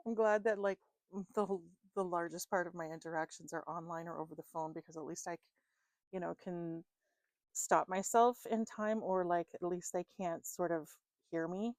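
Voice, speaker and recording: Woman reader, casual ramble, quick laughs, close dry mic. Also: lowish voice, darkish tone, no echo. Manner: chatty, self-deprecating, laughs often, many fillers. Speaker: tarot card reader.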